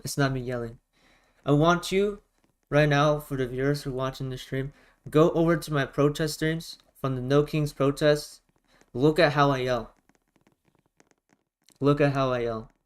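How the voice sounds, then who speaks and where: Loud, emphatic man streaming. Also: a little high, moderate pace, pauses often, smooth, low-quality recording. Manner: loud, emphatic projecting voice, repeats himself. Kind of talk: casual live-stream talk while gaming.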